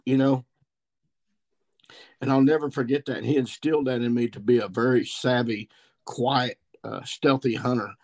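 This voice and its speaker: A man's voice: mid-range voice, fairly even intonation, normal speed, pauses often. A man in his sixties from Missouri with an Ozarks accent, a podcast guest telling stories about turkey hunting in a rambling, folksy country way. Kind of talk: podcast storytelling.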